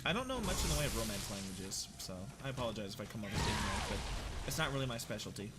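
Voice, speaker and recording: A young American man chatting casually with viewers while he plays, jokey and animated, now and then shouting at the game. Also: lowish voice, racing, very noisy. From United States. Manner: jokey, animated, reads chat aloud, bursts into shouts at the game. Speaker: livestreamer. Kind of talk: casual gameplay chat with viewers.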